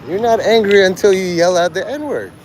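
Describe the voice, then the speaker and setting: A man's voice: high-pitched, moderate pace, darkish tone, slight background noise, rough recording. A man livestreaming outdoors on a city street, rambling crudely and joking provocatively.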